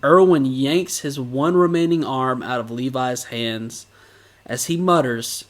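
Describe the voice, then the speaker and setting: A man co-hosting a podcast, recapping episodes in a casual, animated way and laughing often. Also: medium pitch, unhurried.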